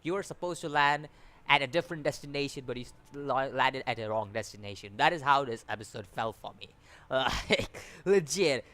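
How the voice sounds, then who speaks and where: A man's voice: mid-range voice, moderate pace, pushed and bright. A man giving a casual, rambling review, often restarting his sentences and sounding exasperated. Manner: rambling, repeats words, many restarts and fillers; exasperated, complaining. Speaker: anime reviewer.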